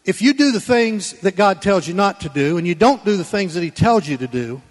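A man preaching a Sunday sermon in church, folksy and conversational, swinging between loud emphatic lines and quiet low asides. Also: expressive, brisk, in a large hall. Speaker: pastor.

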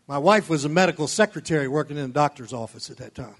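A man's voice: a little high, expressive, brisk, long pauses. Chuckling preacher man, folksy sermon. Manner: folksy storytelling, frequent chuckles, swells loud on key phrases.

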